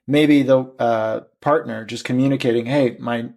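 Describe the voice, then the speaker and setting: A man's voice: medium pitch, steady tone, measured pace, vocal fry, a little mellow. A man hosting a conversational interview, asking questions hesitantly. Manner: hesitant, many fillers and restarts. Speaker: podcast host.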